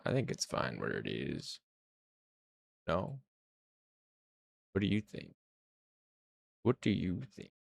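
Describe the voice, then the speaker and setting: Casting note: male indie game dev streamer, low gravelly voice, rambling hype chat. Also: huge pitch swings, slow, pauses often, no echo. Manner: hyped-up, rambling and chatty. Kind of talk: casual livestream chat.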